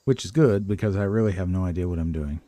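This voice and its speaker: A low, warm voice and a fast pace mark this older man streaming a video game, recorded with no echo. He talks to himself in a casual, hesitant way, cheerfully self-deprecating about his fumbles.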